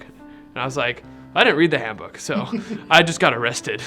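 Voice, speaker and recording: A man's voice: fairly high pitch, fairly quick, pushed and bright, soft background music. A young man giving a casual personal faith testimony, rambling and conversational, with many fillers and retold dialogue.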